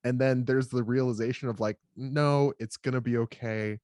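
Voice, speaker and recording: A man's voice: mid-range voice, steady tone, normal speed, darkish tone, no room sound, clean studio sound. A man talking in a casual podcast conversation, a new father telling a story at a rambling pace with many filler words.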